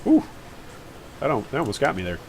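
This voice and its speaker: A man's voice: medium pitch, wildly swooping pitch, a little fast, background noise. Chatty male game streamer. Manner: chatty, rambling, jokey asides to chat. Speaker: gaming streamer. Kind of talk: casual live-stream commentary.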